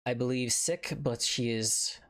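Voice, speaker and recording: A male game master narrating a tabletop game and speaking as a worried town leader, in a mid-pitched, even voice. He talks haltingly and calmly, often pausing on a filler before going on.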